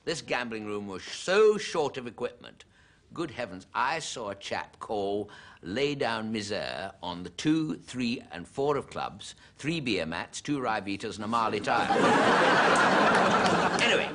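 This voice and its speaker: A man doing a jokey, self-mocking stand-up monologue. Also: lowish voice. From Britain. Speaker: comedian. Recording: loud audience noise throughout. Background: studio audience laughter.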